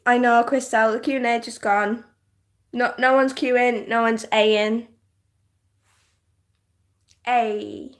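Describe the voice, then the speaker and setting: A young woman from northern England with a softened English accent, chatting casually on a livestream, giggly and full of "like" fillers. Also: on the high side, fairly even intonation, slow pace, pauses often. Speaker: livestream host. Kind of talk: casual livestream chat reading comments.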